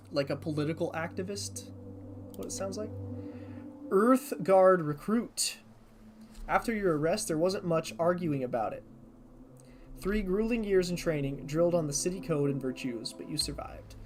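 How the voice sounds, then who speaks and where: A streamer playing a game for the first time, reading the on-screen text aloud and thinking out loud, sometimes tripping over unfamiliar words. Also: mid-range voice, moderate pace, long pauses, slight background noise. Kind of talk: casual let's-play commentary.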